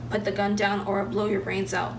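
A woman's voice: mid-range voice, monotone, fairly quick, close to an everyday voice. A woman reading a commanding young man. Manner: commanding, pleading. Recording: roomy, distant mic, background noise.

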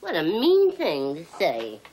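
A woman's voice: fairly low pitch, huge pitch swings, unhurried, darkish tone, a little hiss or hum, rough recording. Gushing, fussing mother. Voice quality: gushing, fussing, sing-song. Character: doting, chatty middle-aged housewife mother. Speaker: mother and housewife. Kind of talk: film drama acting.

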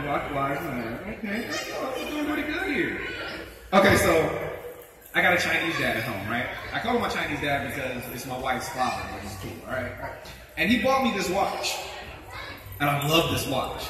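Animated young man in an echoey hall. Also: a little high. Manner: animated, laughing at his own jokes, acting out voices. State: out of breath. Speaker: stand-up comedian. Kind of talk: stand-up comedy set. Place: convention hall. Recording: echoey hall, mic from far off, crowd noise.

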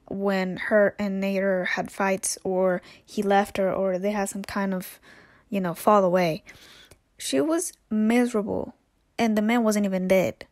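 A woman commentator delivering blunt, sarcastic asides in a middle-pitched voice. She sounds close and dry, with no room around her. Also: darkish tone, dry recording. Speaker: commentary host. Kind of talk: reaction commentary.

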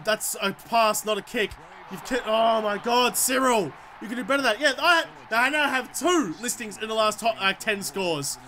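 A man giving excitable let's-play commentary, swearing and shouting at the game as he plays. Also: high voice, a little hiss or hum. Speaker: gamer.

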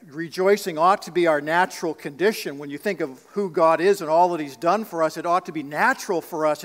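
A man's voice: on the high side, a bit bright. A man preaching a sermon as pastor, earnest, asking the congregation rhetorical questions. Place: church sanctuary. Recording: long reverb of a church sanctuary.

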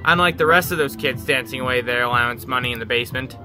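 A man voicing a confident, self-assured hotel regular in a video game, raising his pitch for the role. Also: fast, over music, close to an everyday voice. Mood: smug.

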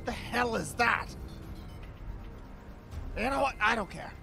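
A man voicing an arrogant, hot-headed alien warrior prince while playing a video game, swearing and shouting at it. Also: very high voice, lively intonation, slow pace, vocal fry, heavily acted. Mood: ranting, gaming. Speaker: let's-play gamer. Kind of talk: gaming commentary in character. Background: game music.

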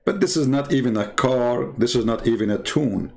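A man's voice: medium pitch, normal speed, creaky, dark tone. Mocking man with an Arabic accent. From Middle East. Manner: mocking, sarcastic, rambling. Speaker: channel host and religion critic. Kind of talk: livestream commentary.

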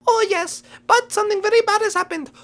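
Woman doing a squeaky jittery rabbit guy. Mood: eager, pleading. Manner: hurried, pleading, overeager. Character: jittery male white rabbit guide. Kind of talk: video game role-play.

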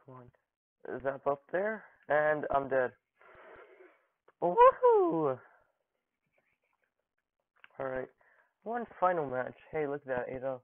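Over his own gameplay, a young gaming channel host cracks jokes and taunts opponents in mock-dramatic fashion. His medium-pitched voice has lively intonation at a measured pace. It's recorded dry with no room sound, in a narrow phone-like band.

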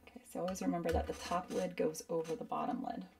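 A woman's voice: on the low side, little pitch movement, fast talker, gravelly, darkish tone, far from the mic. Chatty woman teaching painting live. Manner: chatty, rambling, uses lots of "like". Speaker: art instructor. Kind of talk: casual live painting demo.

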